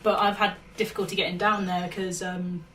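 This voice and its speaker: A woman's voice: fairly low pitch, flat delivery, brisk, a bit bright, far from the mic, rough recording. A young woman, a guest in a casual radio interview, giggly and bubbly. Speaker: guest musician. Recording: a little off-mic with faint background noise.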